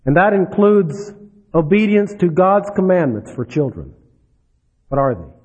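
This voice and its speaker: A man preaching a sermon, dropping low and soft then rising for emphasis. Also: big pitch swings, a little slow, slightly rough. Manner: dramatic, swings between soft drops and rising emphasis. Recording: dull lo-fi recording.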